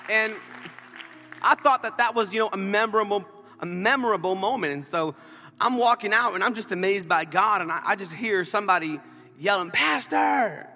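A bright, high-pitched man preaches to his church, telling a story with playful asides. His voice rings out in a long-reverb sanctuary with faint music underneath. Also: brisk, a faint crowd. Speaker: pastor. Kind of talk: sermon.

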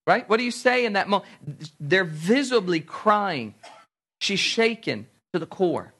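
A man preaching a sermon, animated, acting out little everyday scenes in different voices. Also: sits high, measured pace, husky. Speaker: pastor.

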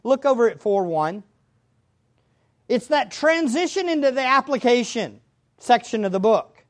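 A woman preaching a sermon, speaking to her listeners directly, repeating key phrases and swinging between loud and hushed. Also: fairly high pitch, very animated, unhurried. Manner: addresses the congregation directly.

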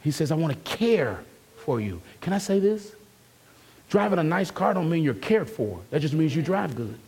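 A man's voice: on the high side, lively intonation, normal speed, creaky, darkish tone, husky. A man preaching an emphatic, conversational sermon as a pastor and calling out to his congregation.

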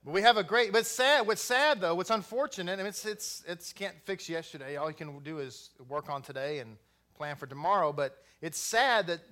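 Male preacher from Texas, high, bright voice, chatty delivery full of asides. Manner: conversational preaching with asides and restarts. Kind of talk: sermon.

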